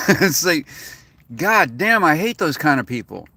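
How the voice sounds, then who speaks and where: A man's voice: a little high, very animated, measured pace, pushed and bright, breathy edge, no echo. A man venting in a rambling, profane, casual rant as a vlogger. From United States.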